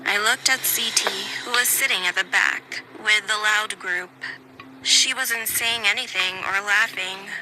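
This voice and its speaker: A woman's voice: mid-range voice, a little slow, over music, low-quality recording. A woman telling a first-person scary story, often dropping into a whisper. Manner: hushed, partly whispered storytelling.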